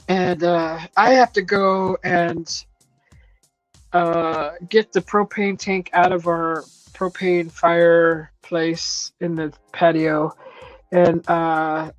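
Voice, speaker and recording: A woman's voice: mid-range voice, a little mellow, dry recording, low-quality recording. A woman hosting a casual live chat from her home kitchen, chatty and teasing, laughing often as she reads viewer comments. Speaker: host of a live chat stream.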